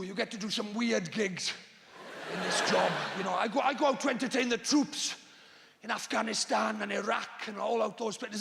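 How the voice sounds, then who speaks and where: A man doing a live stand-up routine on a large theatre stage, exasperated and bursting into shouts. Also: sits high, vocal fry, echoey room, long reverb tail, a little hiss or hum. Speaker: stand-up comedian.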